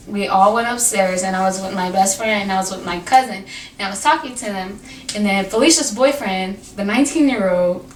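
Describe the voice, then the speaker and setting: A teenage girl casually telling a storytime to her vlog camera, animated and full of fillers and quoted dialogue. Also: mid-range voice. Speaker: vlogger. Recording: echoey room from a distance, faint noise.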